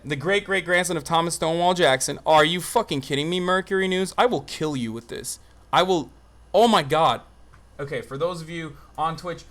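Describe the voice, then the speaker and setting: A man's voice: fairly high pitch, fairly bright tone. Profane, rambling young male streamer. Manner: profane, rambling and easily exasperated. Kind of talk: livestream commentary. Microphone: phone.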